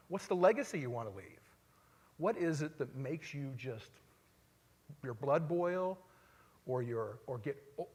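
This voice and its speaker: A man giving a live stage talk, telling stories conversationally and swinging between loud emphasis and quiet asides. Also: a little high, husky. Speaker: speaker at a live talk event. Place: large hall, on stage before an audience. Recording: long hall reverb.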